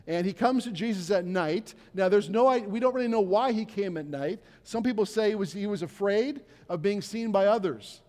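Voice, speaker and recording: A man's voice: sits high, animated, normal speed, few pauses, a little mellow, big-room sound. An older man preaching a conversational sermon as pastor in a church, often acting out the people he quotes. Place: church sanctuary.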